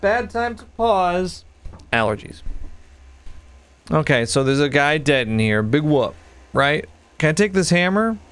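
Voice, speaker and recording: A man in his forties commentating a horror game, joking and reading its text aloud, with sudden high-pitched outbursts. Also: lively intonation, measured pace, pauses often, fairly bright tone, clean tone. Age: 40s. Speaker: gaming video host. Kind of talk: casual let's play commentary.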